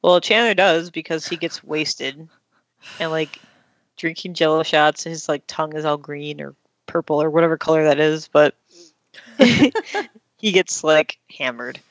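A woman's voice: low-pitched, level tone, moderate pace, no echo. Woman casually retelling a tv episode, acting out lines, dull dry lo-fi sound. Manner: chatty storyteller acting out quotes. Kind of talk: casual chat, recapping a TV episode. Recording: dull, slightly lo-fi dry recording.

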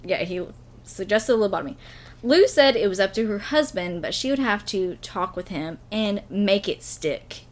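A woman's voice: mid-range voice, expressive, moderate pace. A woman hosting a podcast, telling a true story in casual chat and laughing often. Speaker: podcast host reading a story.

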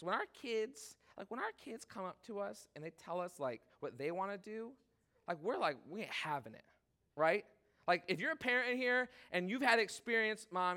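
A man in his thirties preaching a sermon in a casual, animated way, full of "like" and asides to the congregation. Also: high voice, clear, resonant tone. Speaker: pastor.

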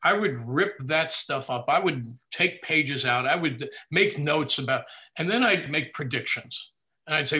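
An older man in an interview, recounting family memories in a lively storytelling way and laughing at his own anecdotes. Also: on the high side, moderate pace. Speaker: interview guest. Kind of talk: reminiscing in a conversational interview.

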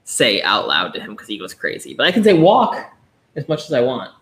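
A podcast co-host in casual chat, relaxed, joking and now and then dropping to a whisper. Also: medium pitch, fairly quick. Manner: relaxed, tells jokes, drops into whispers.

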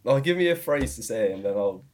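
A man's voice: mid-range voice, fairly quick, slight background noise. Young man, student guest, casual chat, laid-back. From Surrey, England. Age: young adult. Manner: relaxed, self-deprecating, laughs easily.

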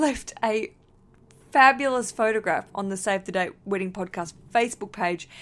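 A bubbly Australian woman, probably in her thirties, hosts a wedding podcast in a mid-range, fairly bright voice. She chats away, laughs often and swears casually while reading listener messages.

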